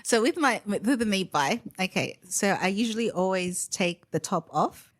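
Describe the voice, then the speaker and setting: A woman's voice: mid-range voice, moderate pace, a little hiss or hum. A woman, a podcast guest, telling family stories in casual chat and laughing often. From Australia. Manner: animated storyteller, laughs often.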